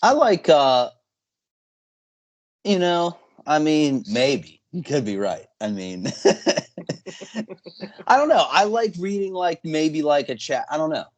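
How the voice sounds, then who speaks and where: A man's voice: a little high, very animated, takes it slowly, long pauses. A young man hosting a podcast, chatting casually and rambling with plenty of fillers and trailing thoughts. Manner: rambling, hesitant, lots of fillers. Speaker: podcast host. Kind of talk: casual chat.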